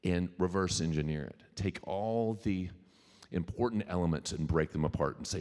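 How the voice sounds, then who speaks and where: A middle-aged man, a musician, telling an animated story to a live audience, stammering on restarts. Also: sits low, normal speed. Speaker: featured speaker and musician. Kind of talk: storytelling keynote talk. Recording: reverberant hall.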